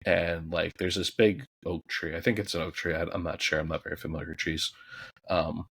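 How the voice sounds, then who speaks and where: A man's voice: deep voice, flat delivery, fairly quick, vocal fry, breathy edge, no echo. A man co-hosting a movie podcast, describing scenes casually with some swearing and acted-out lines. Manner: casual, swears, acts out characters' shouts. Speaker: podcast co-host. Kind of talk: casual movie review chat.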